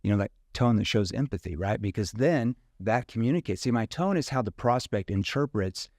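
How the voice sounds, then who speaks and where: A sales trainer from rural Missouri talks casually in an interview, his fairly low voice lively in intonation, fairly quick and a bit mellow. The sound is clean studio audio with no room sound, and he acts out questions in different tones.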